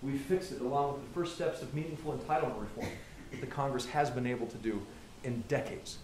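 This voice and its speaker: A man's voice: medium pitch, a little fast, a little mellow. A man, a senator, giving a political speech to a small gathering and telling stories, often restarting and repeating words as he goes. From Colorado. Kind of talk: political stump speech with anecdotes. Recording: very echoey room with faint ambient noise.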